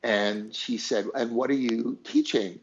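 Animated male storyteller, dull lo-fi sound. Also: medium pitch, unhurried. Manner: animated storyteller, acts out quoted voices, laughs. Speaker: songwriter guest. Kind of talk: conversational storytelling.

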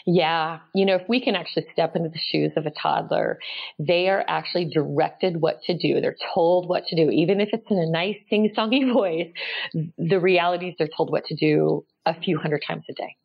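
Calm low-voiced woman, gravelly edge. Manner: calm, measured, gently explanatory. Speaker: parenting expert guest. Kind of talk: explaining parenting tips in an interview. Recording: slightly dull lo-fi sound.

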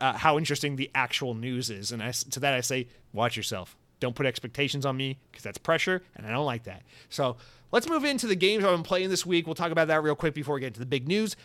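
A man's voice: on the high side, sharp tone, dry recording. A young American man hosting a solo podcast, rambling through self-deprecating jokes and tangents. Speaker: podcast host.

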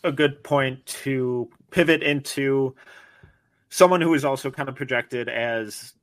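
A man's voice: medium pitch, measured pace, no room sound. Podcast host guy, dry close sound, asks long winding questions. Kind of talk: casual sports podcast hosting.

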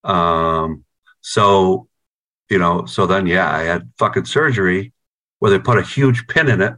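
Deep, bright, and forceful, the voice belongs to a middle-aged guitarist from New York being interviewed over a video call. He takes his time telling loose, rambling stories laced with profanity, repeating words in casual chat.

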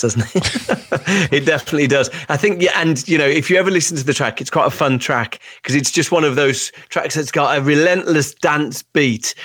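A man's voice: a little high, fairly bright tone, no echo, studio quality. A middle-aged man from Birmingham, England, with a Birmingham accent, speaking articulately as a guest in an interview. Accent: Birmingham English. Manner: articulate, with small restarts. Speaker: author and guest. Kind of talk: conversational interview.

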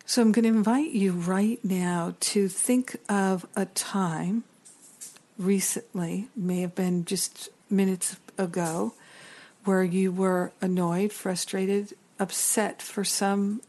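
A woman's voice: mid-range voice, fairly even intonation, slow pace, warm tone. A middle-aged woman giving an earnest, reflective spiritual teaching talk as a teacher and counselor. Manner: earnest, reflective, builds long lists.

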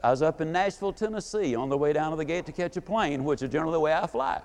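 A man giving a live motivational speech, folksy and animated, acting out quotes as he tells stories. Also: a little high, very fast. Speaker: motivational speaker.

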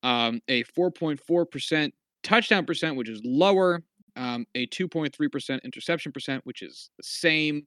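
A man's voice: a little high, moderate pace, fairly bright tone, clear, resonant tone, no echo. A man co-hosting a casual sports podcast, making dry, wry asides while reading off stats. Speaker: podcast co-host.

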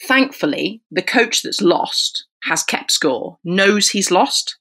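A woman, a rugby referee, telling a podcast anecdote in an animated way and acting out the dialogue. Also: lowish voice, takes it slowly.

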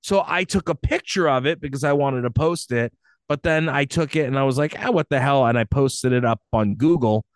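A man co-hosting a chatty podcast, playful and animated, often breaking into loud joking bits. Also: medium pitch, brisk, smooth, no echo, studio quality. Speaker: podcast co-host. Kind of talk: casual chat.

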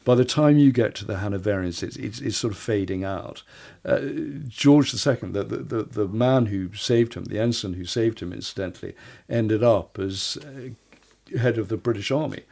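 Gravelly man telling history stories. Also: fairly low pitch, moderate pace, a little mellow. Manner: stammering restarts, storytelling. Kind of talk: casual podcast conversation.

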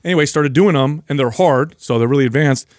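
A man co-hosting a casual fitness chat, telling stories and explaining exercises with lively energy. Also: medium pitch, quick pace, no echo. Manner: animated storyteller, explains while demonstrating. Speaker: podcast co-host.

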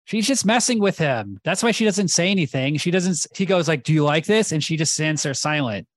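A man's voice: on the high side, brisk, no echo. A man co-hosting a podcast in casual comedic banter, arguing hard and mocking the others. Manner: animated, mocking, argues hard. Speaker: podcast co-host.

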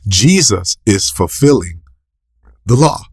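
A man's voice: animated, slow pace, husky, no room sound. Man preaching, dry close sound, asks himself questions, sudden emphatic rises. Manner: asks and answers his own questions, repeats scripture quotes; rises sharply in pitch and volume for emphasis. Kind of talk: sermon. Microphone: recorded for a podcast.

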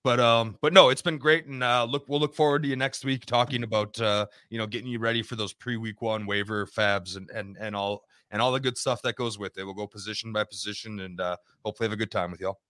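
A man's voice: on the low side, steady tone, fast talker, few pauses, sharp tone, no room sound, studio quality. A man co-hosting a podcast, giving his picks in loose, casual chat full of "you know" fillers. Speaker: podcast co-host.

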